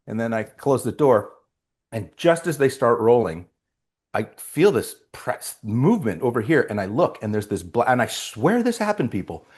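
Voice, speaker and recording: A man telling a story in a casual interview as the guest, acting out the voices of the people in it. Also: medium pitch. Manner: animated storyteller, acts out voices. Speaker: actor guest.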